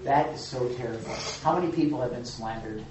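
Animated man leading a Bible study in an echoey hall. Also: medium pitch, brisk, background noise. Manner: animated, jokey, acts out quotes. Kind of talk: church teaching with group discussion. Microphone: room mic from a distance. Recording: echoey hall, far from the mic.

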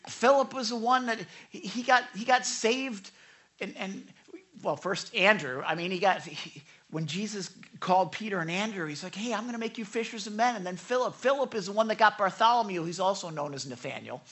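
A woman preaching a sermon in an animated way. She often stammers and repeats words, and she acts out the people she quotes. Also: medium pitch, moderate pace.

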